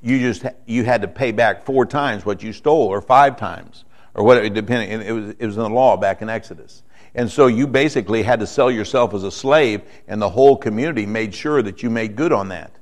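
A man preaching a sermon in a conversational way, often checking in with the room and moving between quiet explanation and emphatic points. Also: fairly low pitch, a little fast. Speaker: pastor.

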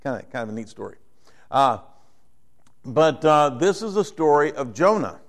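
A middle-aged man preaching a sermon in a conversational way, growing animated as he acts out the people in his story. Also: medium pitch, moderate pace. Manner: conversational, rising to animated when voicing characters. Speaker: pastor.

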